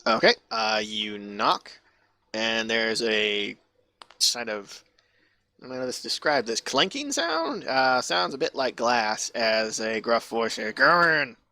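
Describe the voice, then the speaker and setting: A man's voice: fairly low pitch, steady tone, takes it slowly, sharp tone, no echo. A man narrating a tabletop game as game master, casual and rambling, swearing freely.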